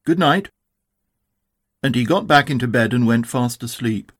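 A man narrating a children's storybook in a calm, measured, expressive way. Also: mid-range voice, breathy edge. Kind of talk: storybook reading.

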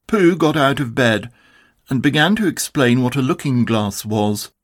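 Man reading a children's storybook. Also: medium pitch. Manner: calm, measured, expressive. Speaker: narrator.

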